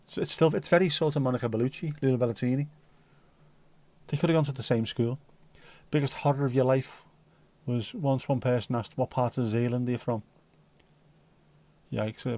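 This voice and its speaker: A man's voice: mid-range voice, darkish tone, no echo. A man hosting a casual livestream, chatting with viewers and reading out their comments in rambling, dry, joking banter. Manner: dry, rambling banter, slips into silly voices. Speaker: livestream host.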